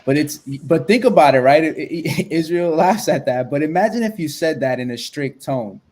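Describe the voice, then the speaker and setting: A man's voice: a little high, expressive, normal speed, darkish tone. A man who coaches real estate agents, talking in a casual podcast chat and stressing his points with everyday examples. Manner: emphatic, explains points with examples.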